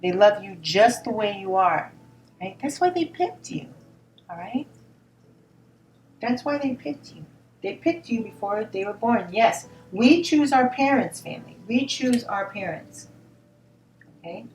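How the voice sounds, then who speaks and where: A woman giving a spoken tarot reading in a gentle, reassuring tone, often repeating words and asking "all right?". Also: medium pitch, expressive, unhurried, pauses often. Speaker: tarot reader. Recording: roomy sound from a distance, faint noise.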